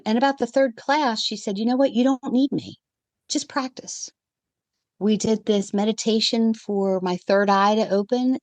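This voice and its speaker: A woman guest on a podcast, telling her own story in a lively way and acting out the lines of the people in it. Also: mid-range voice, no echo. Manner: animated storyteller who acts out the quoted dialogue. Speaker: guest, evidential medium. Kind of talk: personal storytelling in a podcast conversation.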